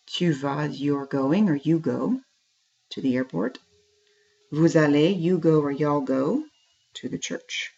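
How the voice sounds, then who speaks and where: A woman teaches a French class at an unhurried pace. Her voice sits low and she walks students through each phrase with patience. The recording sounds dull and lo-fi. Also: darkish tone. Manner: slow, patient, repeats French phrases and translates them. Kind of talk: classroom language lesson.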